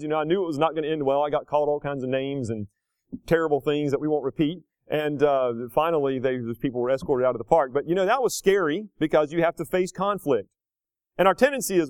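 A man in his thirties preaching a sermon, rising to loud, slow emphatic lines and dropping to quiet, casual asides. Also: animated, dry recording. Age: 30s. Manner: swings between loud emphatic peaks and low conversational asides; slows down hard on key phrases.

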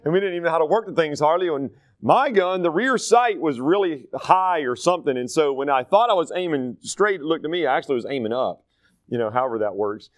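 A pastor from North Carolina teaches scripture and drifts into folksy stories. His voice sits a bit high for a man. The recording is dry, with no room sound. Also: expressive, fast, no room sound. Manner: conversational, digressive storytelling. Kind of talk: sermon, Bible study teaching.

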